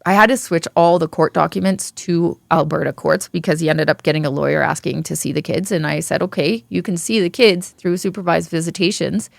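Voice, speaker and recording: Woman, low gravelly voice, blunt and candid storyteller, dry close sound. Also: fairly even intonation, no room sound. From Ontario, Canada. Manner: frank, swears freely, halting restarts. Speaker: podcast guest.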